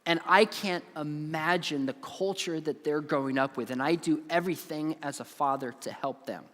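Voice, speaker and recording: A man's voice: on the high side, moderate pace, a bit bright. A man in his forties giving an earnest, emphatic conference talk to students, telling stories to make his points. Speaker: conference speaker. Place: large conference hall. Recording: long hall reverb.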